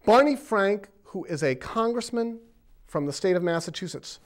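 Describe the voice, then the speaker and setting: A man's voice: high voice, expressive, moderate pace, noisy background. A man from the area, hosting his own video blog and ranting about politics in a rambling, sarcastic, emphatic way. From Boston area, USA.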